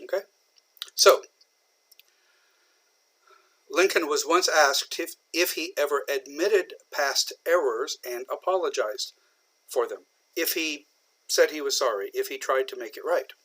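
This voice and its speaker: A man from southern Indiana, patiently explaining an English idiom in a recorded lecture, with many pauses and fillers. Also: on the high side, fairly bright tone. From southern Indiana, USA. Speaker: English teacher.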